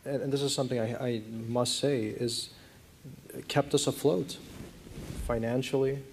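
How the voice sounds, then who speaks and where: A man in his thirties speaks as a guest in a conference interview, at an ordinary pitch for a man. He tells a personal story earnestly, in halting phrases with frequent restarts. Faint room noise sits under his voice. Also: fairly even intonation.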